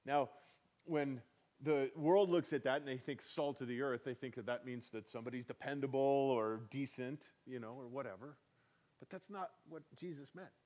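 A man pastor preaching a conversational sermon, folksy and emphatic, swelling on key points and chuckling between them. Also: medium pitch.

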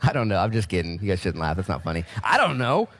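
A man's voice: low-pitched, sing-song, fast talker, a bit bright. A man in his thirties preaching a sermon as pastor, with joking asides and acted-out voices.

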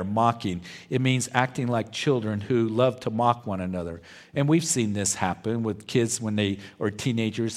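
A man preaching a verse-by-verse sermon as pastor, in a slow and deliberate way. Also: mid-range voice, darkish tone. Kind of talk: expository sermon.

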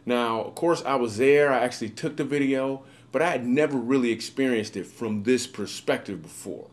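A man's voice: mid-range voice, normal speed. A man tells a personal story in a recorded video clip. He keeps it casual and upbeat, with slangy asides, in an ordinary mid-range voice. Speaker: comedian telling a story.

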